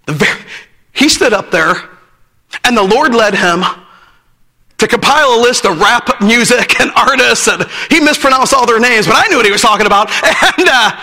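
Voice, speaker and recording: A man with a very high, sharp and bright voice preaches a sermon, hammering his points home by repeating phrases. The sound rings with a long echo from a church hall. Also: lively intonation, moderate pace. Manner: emphatic, repeats phrases, breaks into laughter.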